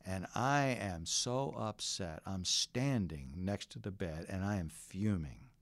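A man's voice: sits low, lively intonation, takes it slowly, dry recording. A middle-aged man preaching a sermon as pastor, earnest and full of stories. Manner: earnest, storytelling preacher who varies his delivery.

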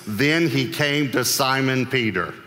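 A man preaching a sermon with humor, acting out scripture voices and breaking into sudden shouts. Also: mid-range voice, measured pace, in a large hall, slight background noise. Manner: humorous, acts out Bible voices, bursts into shouts.

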